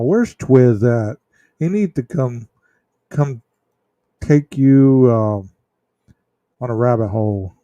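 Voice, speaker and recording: A man from Texas hosts a casual livestream and talks unhurriedly to his chat, often pausing on ums and restarting his sentences. His voice is dark and mellow, and the recording is dry and close. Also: medium pitch, dry recording. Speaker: true crime livestream host. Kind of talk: casual livestream chat reading viewer comments.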